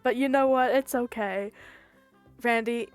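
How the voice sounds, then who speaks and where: A woman streamer reading and commenting on a game with wry, deadpan asides. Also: on the high side, measured pace, clear, resonant tone, soft background music.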